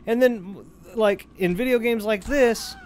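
Rambling, excitable young-sounding gamer guy. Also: high voice, measured pace, slight background noise. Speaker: gameplay commentator. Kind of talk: casual let's-play commentary.

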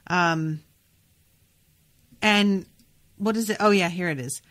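A woman hosting a podcast, chatting casually about a book and reading passages aloud, thinking out loud with lots of fillers. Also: on the low side, slow pace. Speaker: podcast host.

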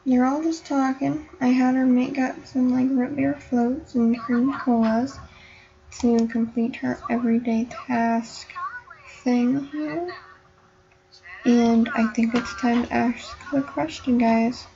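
Young woman, gameplay vlogger, high-pitched and playful, muffled home recording. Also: flat delivery, slow, vocal fry, dark tone. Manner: chatty, voices the game characters playfully. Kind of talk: casual life-sim gameplay commentary.

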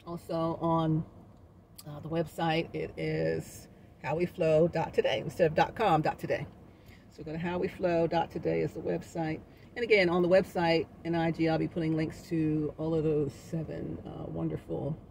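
A woman's voice: low-pitched, vocal fry, a little mellow, slight background noise. A woman giving a casual, encouraging motivational talk to her viewers as a wellness vlogger. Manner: upbeat, encouraging, sings snippets and laughs.

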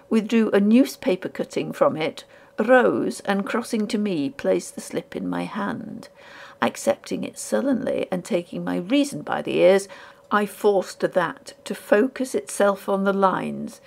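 Female narrator for a ghost-story audiobook, lively pitch, gravelly edge, hushed whispery delivery. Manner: measured, hushed dramatic reading with whispered asides.

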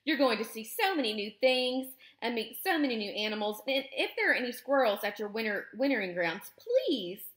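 A woman voicing a chatty, excitable squirrel with a bubbly, fast-talking manner. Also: fairly high pitch. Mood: excited. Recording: roomy echo.

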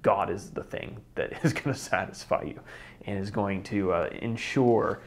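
Young male Bible teacher, relaxed and conversational, slight vocal fry. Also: fairly low pitch, normal speed. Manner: relaxed, chatty, with small laughs and restarts. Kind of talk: casual Bible study video.

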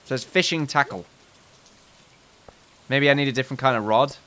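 Bright-voiced man rambling through gameplay. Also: medium pitch, moderate pace. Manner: rambling, jokey asides, reads game text aloud. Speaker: let's play host. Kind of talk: casual gameplay commentary.

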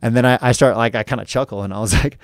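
An American man, a guest and professional fighter, telling a profane, animated story in casual chat and acting out the people in it. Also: medium pitch, racing, dry recording, studio quality. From United States.

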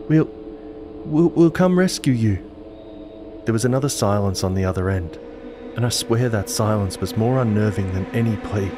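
A man with a lowish voice tells a horror story in first person, measured and dramatic. Music plays clearly under his narration.

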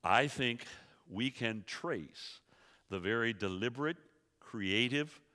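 A man teaching a sermon to a church audience, emphatic and quick, asking the room rhetorical questions. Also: mid-range voice, expressive, pushed and bright, in a large hall. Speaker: Bible teacher. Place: church sanctuary.

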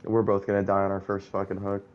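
A man's voice: low voice, monotone, dull audio. A young man chatting casually and joking while streaming a video game with a friend. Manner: joking, rapid-fire bits like an auctioneer chant. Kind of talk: casual gaming chat.

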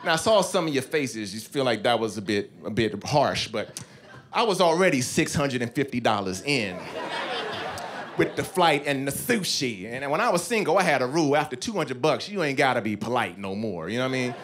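A man's voice: a little high, sing-song, normal speed, a bit bright. A man in his thirties doing a stand-up comedy routine on a club stage, telling a story with voiced asides. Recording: club stage mic with audience noise.

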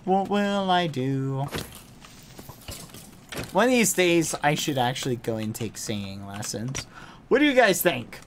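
A man's voice: fairly high pitch, very animated, a little slow, pauses often, a little hiss or hum. A man streaming a video game, chatting playfully with his viewers and breaking into sudden gushing squeals. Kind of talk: live game stream chat.

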